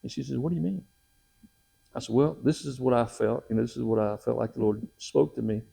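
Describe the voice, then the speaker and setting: A middle-aged man tells his faith story in a casual, lively way. His voice is gravelly and dark. He jumps up in pitch whenever he acts out what other people said. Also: quick pace. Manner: animated, acts out quotes with raised pitch. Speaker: missionary telling his testimony.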